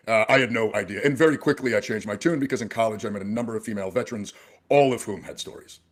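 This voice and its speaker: A man's voice: lowish voice, fast. A man from rural Maine, speaking as a political candidate, earnestly and defensively explaining his past comments. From rural Maine, USA. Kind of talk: answering questions in a played clip.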